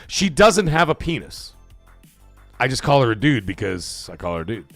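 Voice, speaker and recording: A middle-aged man hosting a live stream in loose, profane, rambling chat that breaks into bursts of shouting. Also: mid-range voice, sing-song, moderate pace, dry recording, faint music behind. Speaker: livestream host.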